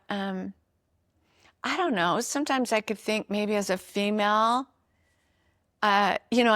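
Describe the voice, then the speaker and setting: A woman hosts a podcast in an earnest, encouraging tone, addressing listeners directly. She speaks slowly and deliberately in a mid-range voice. The sound is dry and close, with no room echo. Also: medium pitch, a bit bright. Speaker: podcast host. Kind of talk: motivational talk on emotions.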